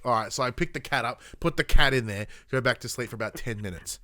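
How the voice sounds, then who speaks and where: Tired, swearing podcast host. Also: male voice, medium pitch, fast, hardly any pauses, dry recording, clean studio sound. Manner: animated storytelling, swears freely. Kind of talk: casual chat.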